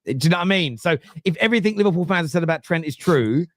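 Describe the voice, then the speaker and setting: A man's voice: on the high side, rapid-fire, dry recording. East London man, 30s, football pod host, London accent, blunt swearing storyteller, dry close sound. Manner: animated storyteller, swears freely, acts out quotes. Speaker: podcast host. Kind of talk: casual football podcast chat.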